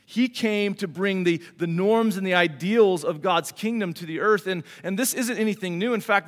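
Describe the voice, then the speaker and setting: Man, pastor, conversational sermon, rhetorical questions, high voice. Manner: conversational preaching, rhetorical questions, calls for amen. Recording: hall reverb.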